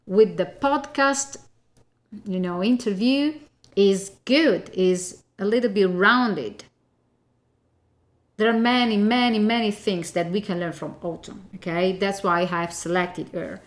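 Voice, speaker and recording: Woman voice coach, unhurried, emphatic teaching delivery, keeps checking in with listeners. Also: medium pitch. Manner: emphatic, often tags "okay?" and repeats key points. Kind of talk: spoken voice lesson.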